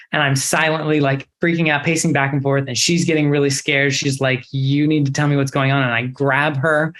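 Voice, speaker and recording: A young adult man, an actor guest in a casual interview, telling a story in a lively, expressive way. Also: fairly high pitch.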